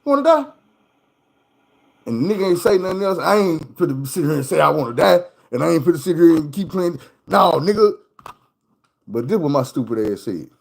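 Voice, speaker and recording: Profane, animated man telling a story. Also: fairly high pitch, fairly quick, creaky, low-quality recording. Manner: loose, profane street talk; animated, acts out the people in his story. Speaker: streamer. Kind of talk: casual storytelling.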